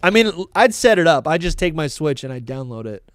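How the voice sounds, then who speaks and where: Excitable man on a dry close mic. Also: fairly high pitch, fairly quick, no room sound. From New England. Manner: excitable, reads super chats, laughs often. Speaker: podcast co-host reading donations. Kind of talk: casual live-stream chat.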